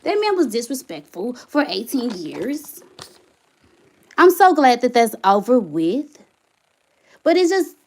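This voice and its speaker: A woman on a live stream vents with passion, her high voice leaping up and down as she hammers one rhetorical question after another. Between outbursts she reads viewer comments aloud. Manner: impassioned, repeated rhetorical questions. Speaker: channel host, single mother. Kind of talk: emotional livestream venting.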